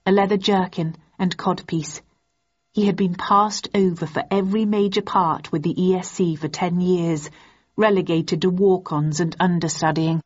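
A woman narrating a novel in a measured, unhurried way. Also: fairly low pitch, a little mellow, slightly rough, dry recording, dull audio. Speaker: audiobook narrator. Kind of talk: scripted narration.

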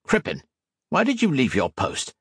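A man's voice: medium pitch, huge pitch swings, normal speed, vocal fry, a bit bright, slightly rough, dry recording, studio quality, voice pushed up, heavily acted. A man voicing a commanding male army sergeant who barks orders. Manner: barking orders.

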